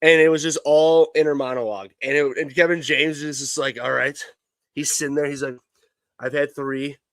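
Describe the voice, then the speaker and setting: A man in his thirties talks on a live sports stream with a slightly high voice. He rambles and restarts his sentences. The sound is close and dry, with no room around it. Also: a little fast, no room sound. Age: 30s. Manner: rambling storyteller, many restarts, laughs while telling stories. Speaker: co-host. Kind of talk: casual live-stream banter.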